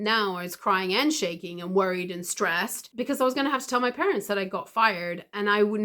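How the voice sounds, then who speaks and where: A woman's voice: mid-range voice, pushed and bright. A woman tells a personal story straight to camera. She speaks in a mid-range voice, earnestly and reflectively, with feeling close to the surface. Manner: earnest, reflective, emotional retelling. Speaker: video creator.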